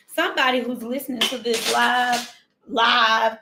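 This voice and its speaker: High, bright-voiced woman preaching fervently. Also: level tone. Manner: fervent, emphatic, repeats phrases, slows for scripture. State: near tears. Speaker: preacher on a livestream. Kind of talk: livestream sermon with scripture reading.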